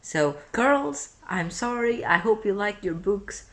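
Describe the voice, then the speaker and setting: A young woman vlogger venting in a casual reading vlog, exasperated and dramatic, her voice swinging between muttered complaints and near-shouts. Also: mid-range voice, animated, takes it slowly. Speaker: book vlogger.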